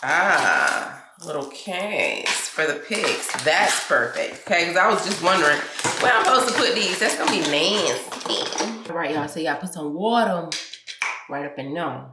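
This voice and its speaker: A woman's voice: lowish voice, very animated, a little slow, roomy sound, very noisy. A young woman, just out of bed, chatting casually to her viewers while she cooks and unboxes things in her kitchen at home. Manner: chatty, talks to viewers as y'all and girl, loose casual grammar. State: just woke up. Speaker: vlogger. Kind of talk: casual chat to camera.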